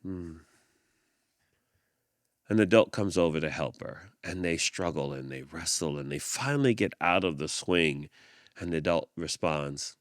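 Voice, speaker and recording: Man, podcast host, picture-book reading, very low voice, lively pitch, expressive, hums. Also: a little slow, dry recording, clean studio sound.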